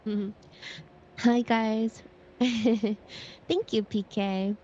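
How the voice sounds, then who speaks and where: A woman's voice: a little high, fairly even intonation, very slow, mellow. A congested woman on a live stream, friendly, reading and thanking chat. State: congested, breathing through mouth. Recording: dull lo-fi mic with faint noise.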